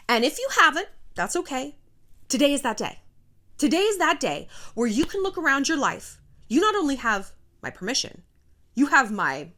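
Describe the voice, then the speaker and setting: A woman's voice: high voice, a bit bright. A woman in her thirties hosting a casual motivational vlog, blunt and profane. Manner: blunt and profane, pep-talk tone. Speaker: YouTube host. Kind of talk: casual motivational talk to camera.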